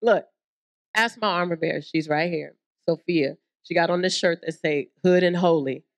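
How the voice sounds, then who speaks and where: A Southern American woman preaching a lively sermon at a women's conference, acting out little scenes and voices as she goes. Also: normal speed. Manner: animated, acts out voices, swoops in pitch. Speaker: guest preacher.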